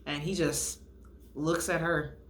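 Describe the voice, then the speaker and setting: A young woman chats through a reality-show recap with a lowish voice that jumps up high whenever she mimics someone. She laughs often and keeps it loose and gossipy. Her voice bounces off the walls of an echoey room. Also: slow pace. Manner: animated, acts out quotes in a higher voice, laughs often. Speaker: podcast host reviewing a reality show. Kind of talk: casual recap chat.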